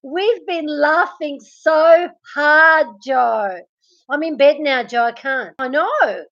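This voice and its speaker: A woman hosting a casual late-night livestream from her bed, chatting with viewers by name and laughing a lot, her voice getting hoarse. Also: high-pitched, takes it slowly, a bit bright, lo-fi sound. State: losing her voice. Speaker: livestream host. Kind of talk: casual live chat reading comments. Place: at home, in bed.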